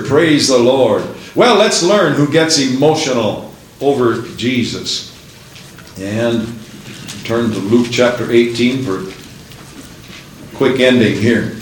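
A man's voice: medium pitch, expressive, slow pace, pauses often, heavy reverb, rough recording. A man preaching a fervent sermon and reading scripture aloud in old-fashioned wording.

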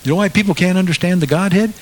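A man preaching a sermon as a pastor, moving from quiet asides to loud, impassioned passages. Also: high-pitched, racing, slight background noise.

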